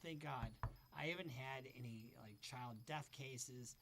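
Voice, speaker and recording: A man's voice: medium pitch, unhurried, a bit bright. A man hosting casual reaction commentary, talking bluntly and profanely as he thinks aloud. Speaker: commentary host.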